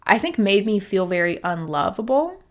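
A woman's voice: mid-range voice, sing-song, moderate pace. Chatty candid young woman life coach. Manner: candid and chatty, fond of "like" and "literally", laughs now and then. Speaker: life coach and podcast host. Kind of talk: casual storytelling monologue.

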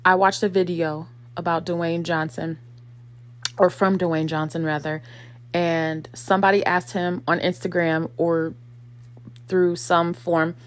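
A woman's voice: lowish voice, little pitch movement, measured pace. Casual, reflective woman vlogger. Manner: conversational, many fillers, acts out quotes.

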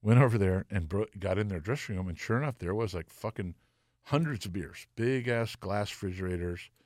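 Low-voiced man telling wild stories. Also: fairly quick, no echo, studio quality. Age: middle-aged. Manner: profane, animated, acts out quoted voices. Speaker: guest musician. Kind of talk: casual storytelling.

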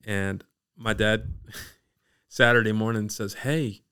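A man from Maryland's Eastern Shore, a podcast guest telling his personal faith story in a lively, animated way. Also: lowish voice, normal speed, smooth. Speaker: guest sharing his testimony.

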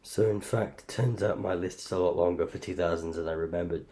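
Low, dark-voiced sweary man. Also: steady tone, a little fast. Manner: sweary, loudly incredulous outbursts. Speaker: podcast host ranking fighters. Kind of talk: casual podcast chat.

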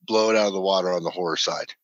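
A man's voice: deep voice, very fast, a bit bright, no room sound, highs cut off. A man co-hosting a podcast in casual chat, jokey and self-deprecating. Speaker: podcast co-host.

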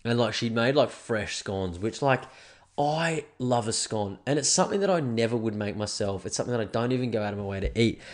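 A man's voice: mid-range voice, a little fast. A young Australian man with hay fever, hosting a podcast in a rambling, laid-back chat that is full of swearing. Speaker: podcast host. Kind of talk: casual solo podcast chat.

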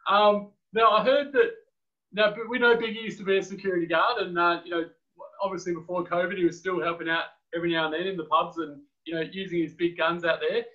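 A man's voice: sits high, steady tone, fast talker, a bit bright, lo-fi sound. A man co-hosting a podcast, teasing his guest in a matey, casual way. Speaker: podcast co-host. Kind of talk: casual chat.

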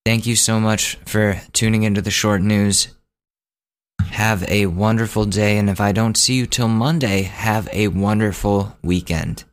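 A young man in his twenties talks loosely on his own podcast. His voice sits low, and he rambles through a story, correcting himself as he goes. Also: steady tone, unhurried. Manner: rambling, self-correcting, acts out quotes. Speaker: podcast host. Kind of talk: casual solo podcast storytelling.

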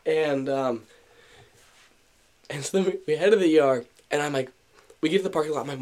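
A man's voice: a little high, fairly quick, long pauses, a little mellow. A young man co-hosting a podcast, telling a story in casual chat, acting out what people said, with many fillers and restarts. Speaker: podcast co-host.

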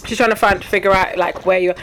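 A woman's voice: medium pitch, steady tone, fast, noisy background. A woman co-hosting a podcast, reacting in casual chat with short remarks. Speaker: podcast co-host.

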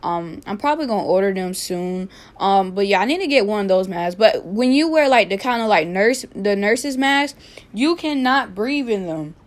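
A young woman hosting her own podcast, telling a story in a casual, animated way, repeating herself with sassy asides. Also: medium pitch, normal speed. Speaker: podcast host.

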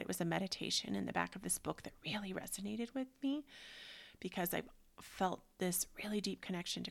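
A woman in her thirties talks through a spiritual book club in a loose, rambling way. Her voice sits a little low and carries a gravelly fry, and she often sinks into a hushed, dreamy whisper. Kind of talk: casual spiritual chat.

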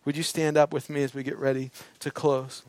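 A man preaching a sermon. He tells a personal story with feeling, often dropping to soft, hushed tones for emphasis. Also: on the high side, little pitch movement, fairly quick, no echo.

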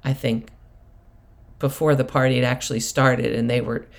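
Creaky and rumbling low, this woman keeps a level tone at a moderate pace. As a middle-aged prosperity coach and host, she tells stories casually, drifting off on tangents with laughs and asides.

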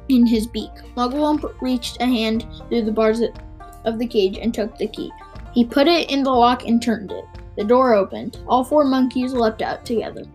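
A woman with a fairly high voice reads a story aloud, with faint music behind her. Between readings she talks loosely, with fillers, as if she hasn't prepared. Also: darkish tone, low-quality recording. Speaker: reader. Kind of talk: reading a chapter book aloud.

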